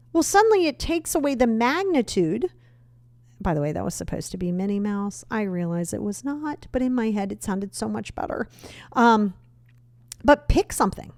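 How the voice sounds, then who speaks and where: A woman's voice: a little high, expressive, fairly quick, dry recording, studio quality. Blunt, emphatic woman podcast host. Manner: blunt, emphatic, frank with mild cursing. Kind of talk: motivational self-help talk.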